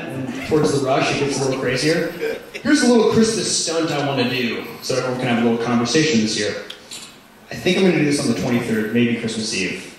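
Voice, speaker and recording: A man doing a stand-up comedy set in a rambling style full of "like" fillers, with sudden loud outbursts. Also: mid-range voice. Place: comedy club stage. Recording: echoey club recorded from far off with audience. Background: audience laughter.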